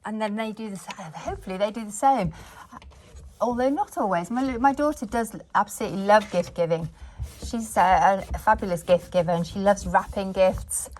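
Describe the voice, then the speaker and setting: A woman's voice: mid-range voice, moderate pace, a little mellow, slight background noise. Homely middle-aged woman chatting while cleaning. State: slightly out of breath from working. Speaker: cleaning vlogger. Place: bedroom at home, indoors.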